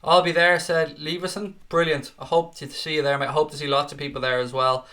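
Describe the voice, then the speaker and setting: Bright-voiced young man hosting a fan stream. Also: fairly high pitch, little pitch movement, a little fast. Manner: chatty and matey, often calls viewers "mate". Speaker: fan watchalong host. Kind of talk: casual live-stream chat, reading viewer comments.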